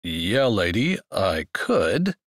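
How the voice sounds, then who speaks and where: A man's voice: sits low, sing-song, very slow, a bit bright, dry recording, clean studio sound, pitched below the performer's own voice, full character voice. A man voicing a tall, laid-back rural man who talks in an easy, amused drawl. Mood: teasing.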